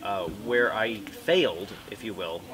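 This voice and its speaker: A man with an American accent, answering interview questions in a relaxed, chatty way with playful asides. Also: fairly low pitch, a little slow. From United States. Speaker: guest author. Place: book fair. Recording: noisy book fair.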